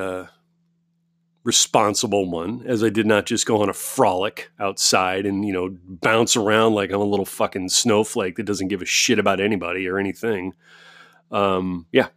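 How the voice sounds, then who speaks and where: An American man telling a story alone in a home studio, profane and animated, ranting and swearing as he goes. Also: on the low side, no echo. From United States. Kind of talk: casual storytelling monologue.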